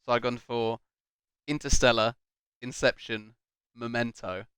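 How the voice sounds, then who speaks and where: A man's voice: medium pitch, level tone, a little slow, a bit bright, clear, resonant tone, dry recording. A young man co-hosting a casual film chat, rambling and joking with frequent laughs. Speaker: co-host.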